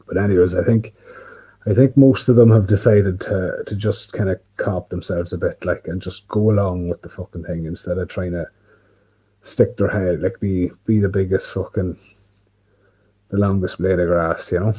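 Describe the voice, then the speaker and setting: A man's voice: deep voice, steady tone, moderate pace, warm tone, slightly rough, rough recording. An Irish man rambling casually on a livestream, full of fillers and swearing, talking to himself by a window. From Ireland. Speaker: livestream host. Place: indoors by a window.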